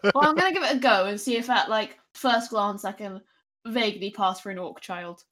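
A woman's voice: medium pitch, a little fast, fairly bright tone. A woman playing a tabletop game, playful and giggly, talking in casual bursts. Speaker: player.

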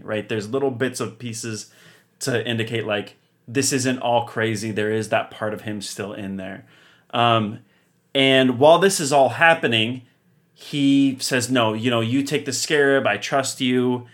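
A young man co-hosting a podcast, casually recapping a TV episode with lively, laughing storytelling. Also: mid-range voice. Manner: animated storyteller, laughs often. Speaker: podcast co-host.

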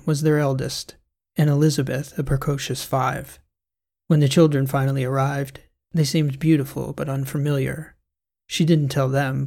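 Gravelly male audiobook narrator. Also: mid-range voice, a little mellow. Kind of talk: scripted narration.

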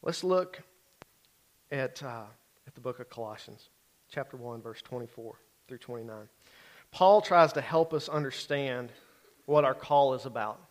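A man's voice: mid-range voice, a little slow, pauses often. A middle-aged man preaching a sermon in a conversational way, often checking in with his listeners. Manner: conversational, keeps checking in with the congregation. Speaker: pastor.

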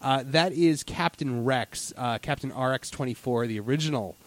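A man's voice: mid-range voice, moderate pace. Chatty man with filler-heavy rambling. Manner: rambling, many fillers and restarts. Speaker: podcast co-host. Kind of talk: casual chat.

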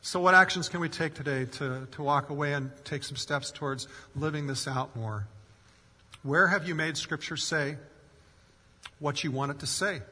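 A man's voice: fairly high pitch, pushed and bright, husky. A male pastor preaching a sermon in an earnest way, rising in force for emphasis and acting out quoted voices. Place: church sanctuary. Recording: long hall reverb.

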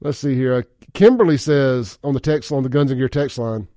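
A man's voice: mid-range voice, normal speed, dark tone, dry recording. A man hosting a casual talk radio show in a studio, chatting, chuckling often and reading listener texts aloud. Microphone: studio microphone.

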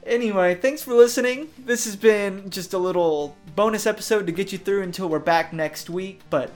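A man's voice: high-pitched, moderate pace, soft background music. A man co-hosting a podcast in dry, laid-back casual chat. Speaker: podcast co-host.

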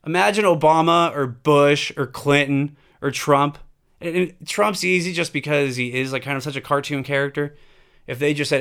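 A man's voice: on the high side, moderate pace, fairly bright tone, clear, resonant tone. Emphatic man ranting. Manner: emphatic, profane, rhetorical questions. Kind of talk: opinionated monologue.

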